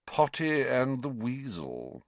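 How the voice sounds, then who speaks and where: A man voicing an arrogant, sneering schoolboy bully who speaks in a slow, lazy drawl. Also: medium pitch, wildly swooping pitch, dry recording, voice pushed up, full character voice.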